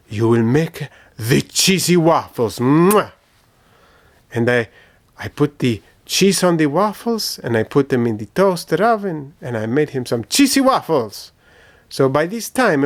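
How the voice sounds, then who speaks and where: A man voicing a goofy middle-aged Italian uncle, telling rambling comic stories in broken English with an Italian accent and theatrical pauses. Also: fairly high pitch. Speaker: puppet show storyteller character. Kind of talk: children's comedy sketch acting.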